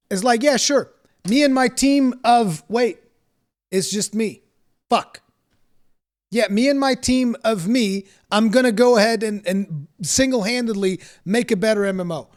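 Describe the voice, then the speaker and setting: A man's voice: high voice, measured pace. A man streaming a reaction to a video, ranting in casual, profane commentary with frequent stumbles and restarts.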